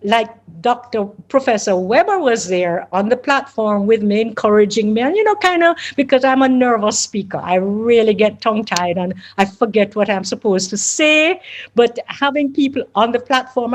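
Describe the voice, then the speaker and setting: Woman guest speaker, bright higher pitch, chatty and self-deprecating. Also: lively intonation, moderate pace. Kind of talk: informal thank-you speech.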